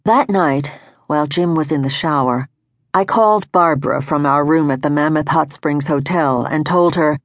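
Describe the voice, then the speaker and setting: Low-voiced woman reading an audiobook. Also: fairly even intonation, moderate pace, no echo, clean studio sound. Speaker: audiobook narrator. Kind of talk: scripted first-person narration. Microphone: studio microphone.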